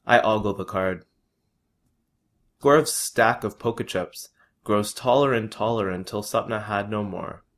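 A man reading his own first-person story aloud in a measured, plain way. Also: fairly low pitch.

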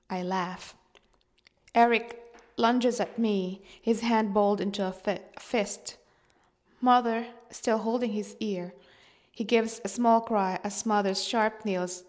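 A woman reads a first-person story aloud at a steady, measured pace. Her voice sits in a middle pitch range, and her telling stays even and clear. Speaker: narrator.

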